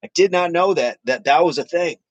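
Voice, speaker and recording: Speaking briskly in a slightly high voice, a man runs a laid-back fitness stream, joking around with viewers and reading out what they post. Frequent laughter and repeated phrases mark his talk, and the recording is dry and lo-fi.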